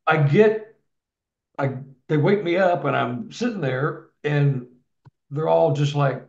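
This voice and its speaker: With a slightly high, creaky voice and an unhurried pace, a man rambles through his experiences as a guest. There are many restarts and repeated words, captured in an echoey, dull lo-fi recording.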